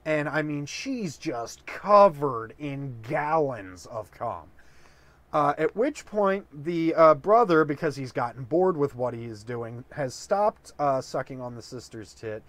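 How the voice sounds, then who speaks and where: A man's voice: a little high, very animated, measured pace, a bit bright, dry recording. A drunk man improvising a long dirty joke, rambling with many fillers. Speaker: comedic storyteller.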